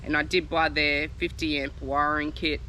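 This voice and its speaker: A man's voice: fairly high pitch, level tone, moderate pace, sharp tone, poor audio. A young Australian man chatting casually to camera outdoors in a laid-back, agreeable way. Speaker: vlogger, mechanic. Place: outdoors beside a car. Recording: faint outdoor wind noise.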